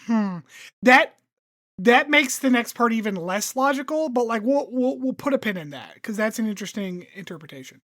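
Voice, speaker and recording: A woman's voice: a little high, lively intonation, moderate pace, a bit bright, no echo, studio quality. A woman co-hosting a podcast, recapping an episode in a casual, chatty way with lots of fillers. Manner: chatty recap with lots of um and like, acts out characters' lines. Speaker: podcast co-host summarizing the episode. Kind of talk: casual chat.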